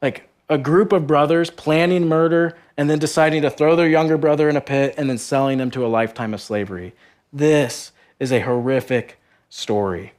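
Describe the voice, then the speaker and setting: A man's voice: fairly even intonation, moderate pace, darkish tone. Earnest young man preaching. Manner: earnest, conversational, heavy use of "like", acts out characters in a higher voice. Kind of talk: sermon at a youth retreat.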